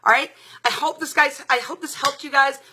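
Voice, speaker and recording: A woman's voice: high voice, fairly even intonation, fairly quick, sharp tone, a little hiss or hum. A young adult woman giving a live product demo as a sales presenter, chatty and upbeat, with lots of "like" and "um". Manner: chatty and upbeat, many fillers like "like" and "um".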